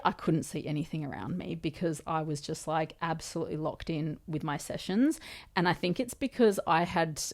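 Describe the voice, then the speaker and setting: A woman in her thirties with an Australian accent, chatting casually and telling a story to the camera with lots of fillers. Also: sits low. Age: 30s. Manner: chatty, lots of fillers, quoting others in conversation. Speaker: vlogger.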